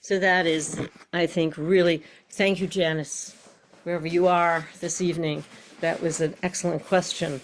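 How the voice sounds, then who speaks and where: A woman's voice: fairly low pitch, little pitch movement, normal speed, a little hiss or hum. An older woman teaching an online voice class, explaining breath and posture and demonstrating with tongue-twisters and nonsense syllables.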